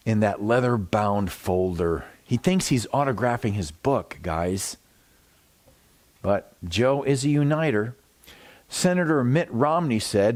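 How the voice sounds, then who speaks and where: A man's voice: mid-range voice, darkish tone. A man hosting a satirical news show, giving a sarcastic, mock-serious monologue with jokey asides and some laughter at his own flubs.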